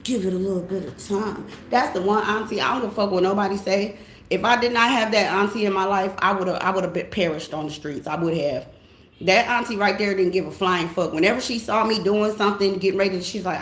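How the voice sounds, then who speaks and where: A woman, a tarot reader ranting casually, animated and profane. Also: medium pitch, a little fast. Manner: animated, profane, laughing often. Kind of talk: casual vlog rant. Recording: echoey room with faint hiss.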